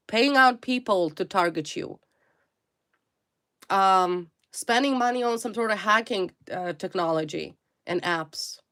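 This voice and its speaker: A woman's voice: a little high, fairly bright tone. A woman reading tarot straight to the viewer, talking emphatically and repeating single words, in non-native English phrasing. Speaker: tarot reader.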